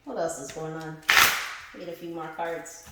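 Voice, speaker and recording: A woman giving a casual spiritual tarot reading, animated and laughing, who swears freely and calls her viewers the collective. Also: deep voice, moderate pace, heavy background noise. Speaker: tarot reader. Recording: very echoey room.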